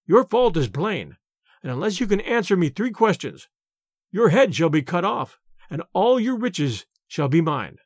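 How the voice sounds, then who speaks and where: A haughty medieval king barks his demands in a loud, lively voice that jumps up in pitch, as a male reader puts him on. Dry, close sound. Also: unhurried, dry recording, exaggerated voice. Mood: commanding. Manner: imperious, loud. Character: proud angry medieval king, commanding.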